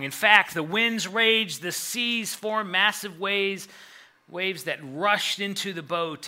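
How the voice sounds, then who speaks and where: A man's voice: high voice, sharp tone. A man retelling a Bible story as a sermon, dramatizing the scene with rising urgency.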